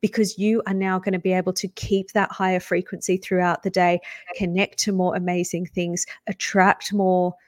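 A woman psychic medium chatting in an animated, upbeat way on a podcast. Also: on the low side, normal speed, no echo, clean studio sound. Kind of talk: casual podcast conversation.

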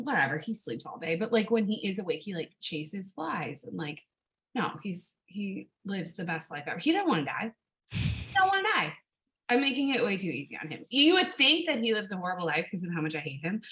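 A young woman from California, chatting casually and telling an animated story, swearing and laughing often. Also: medium pitch, brisk, low-quality recording. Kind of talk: casual chat.

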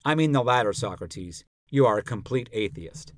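A man voicing a stubborn young accuser who answers tersely and insistently, a bit lower and quieter than his narration. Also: expressive, normal speed, no room sound, clean studio sound, natural voice. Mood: curt.

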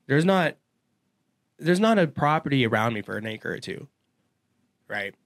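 A man telling a wild story in casual chat, profane and animated, swearing freely. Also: medium pitch, normal speed. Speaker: podcast guest.

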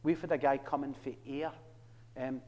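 A man's voice: medium pitch, level tone, moderate pace, a little mellow, in a large hall, lo-fi sound. A man with a Glaswegian Scottish accent giving an earnest presentation to a church audience, preaching with wry humorous asides. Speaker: Christian ministry worker.

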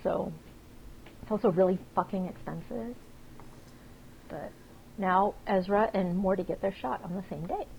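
A woman co-hosting a podcast, chatting casually and telling rapid, animated stories full of swearing. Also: mid-range voice, gravelly, dull audio, slight background noise. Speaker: podcast co-host. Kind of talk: casual chat.

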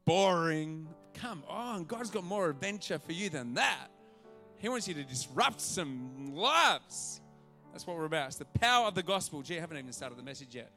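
Animated male pastor preaching over soft music. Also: on the high side, moderate pace. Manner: animated, acts out voices in his stories. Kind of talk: sermon. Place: church auditorium.

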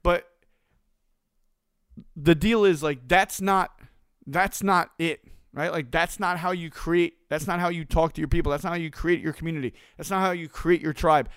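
A man's voice: on the high side, dry recording. A man giving a casual motivational talk as a business coach, blunt and profane, hammering points home through repetition.

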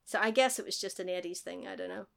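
A woman co-hosting a podcast, recapping a film in animated casual chat full of laughs and quick impressions. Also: fairly low pitch, vocal fry, crowd noise.

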